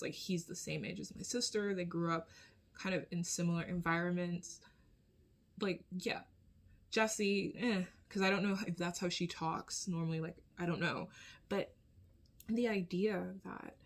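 Casual woman, a bit low-pitched. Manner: conversational, often checks in with a questioning tag; blunt, casual swearing. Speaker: video commentator. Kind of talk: casual spoken commentary.

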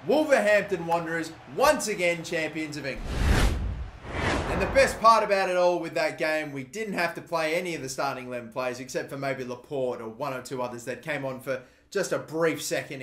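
An Australian man commentating his own football video game career, calm musing that bursts into loud shouting at big moments. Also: fairly high pitch. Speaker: gaming YouTuber. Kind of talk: excited gameplay commentary. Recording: echoey room with faint noise.

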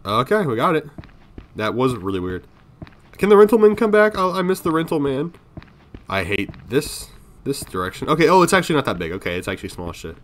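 A man's voice: medium pitch, very animated, fairly quick, fairly bright tone, slight background noise. A man giving casual commentary on a horror game, jumpy and swearing, talking to himself and his viewers. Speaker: gaming video creator.

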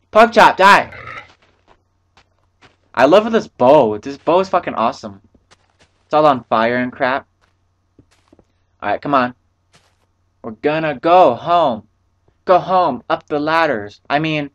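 Casting: male gamer, casual let's-play host, rambly and profane, slightly higher voice. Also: fairly bright tone. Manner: rambling, profane, talks to himself. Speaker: gameplay commentator.

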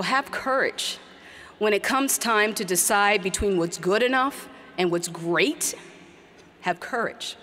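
A woman's voice: mid-range voice, fairly bright tone. A middle-aged woman giving an earnest, emphatic commencement speech. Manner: earnest, emphatic with slow, repeated exhortations. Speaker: commencement speaker. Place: large hall. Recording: long hall reverb.

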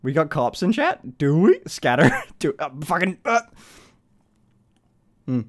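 Young male streamer; rambling, excitable, expressive up-and-down delivery with frequent laughs. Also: measured pace. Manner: rambling, swearing, giggly, high-pitched laughs. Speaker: livestream host. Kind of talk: casual live-stream chat.

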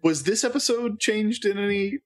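A man's voice: high-pitched, animated, normal speed. Wry, joking man co-hosting a podcast. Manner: wry, joking, summarizing plot. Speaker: podcast co-host. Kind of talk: casual chat.

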